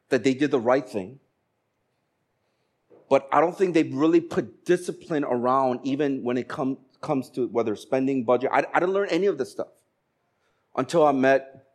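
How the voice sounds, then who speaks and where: A man in his forties, from Korea, preaching a sermon and telling stories with animated voices for the people in them. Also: medium pitch, moderate pace, long pauses. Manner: animated storytelling, acting out dialogue. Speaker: pastor.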